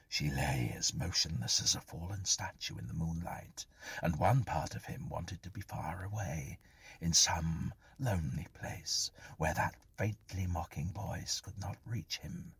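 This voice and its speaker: A man narrating a horror story in a hushed, breathy, half-whispered delivery. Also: deep voice, dry recording.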